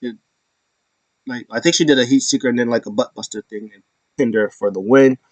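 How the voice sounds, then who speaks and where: A man casually recapping wrestling shows, rambling with lots of fillers and jumping into high, squealing impressions when he quotes people. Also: fairly quick, dry recording, highs cut off. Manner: loose and rambling, many fillers, acts out quotes with sudden high-pitched squeals. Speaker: wrestling show host.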